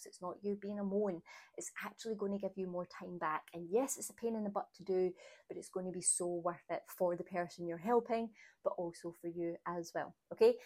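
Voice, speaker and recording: A woman in her thirties talks alone into the mic for her podcast. Her voice sits in a middle pitch, and her delivery is chatty and encouraging. She laughs easily between thoughts. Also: warm tone. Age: 30s. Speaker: podcast host. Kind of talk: solo podcast chat.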